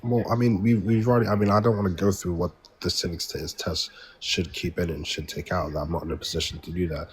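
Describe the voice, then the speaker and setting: A man's voice: low voice, fairly even intonation, quick pace, few pauses, slight background noise, low-quality recording. A man from England with an English accent, arguing as a debate guest, hesitant, with many repeated words and restarts. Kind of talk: heated online debate.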